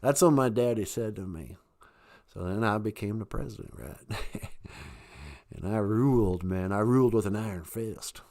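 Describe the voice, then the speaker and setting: A man's voice: on the low side, normal speed, a little mellow, lightly acted. A man doing an impression of a giggling, sneaky older Southern US politician, with a sly, chuckling drawl. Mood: smug.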